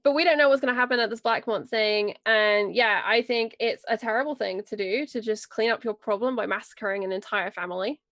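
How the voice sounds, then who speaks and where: An opinionated woman breaks down a roleplaying game's characters in casual chat. Her voice sits a little high and sounds dry and close. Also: fairly quick, few pauses, a bit bright, no echo. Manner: analytical, opinionated. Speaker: player discussing a roleplaying game. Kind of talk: casual discussion.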